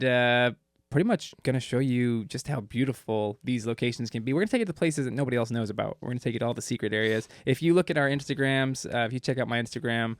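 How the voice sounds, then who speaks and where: A man's voice: mid-range voice, clean tone, dry recording, clean studio sound. Laughing man telling a wild story. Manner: animated storyteller, laughs often. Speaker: podcast co-host. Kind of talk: casual chat.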